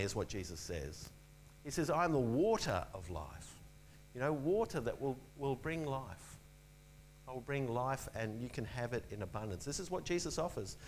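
A man preaching a sermon in an earnest, emphatic way, repeating key phrases and dropping to a soft low voice on the important ones. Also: slight background noise, low-quality recording.

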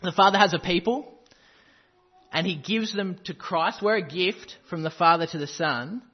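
A man's voice: high-pitched, normal speed, husky, lo-fi sound. A man preaching a sermon, quoting scripture and driving points home with emphatic repetition. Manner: emphatic, quotes scripture with rising intensity.

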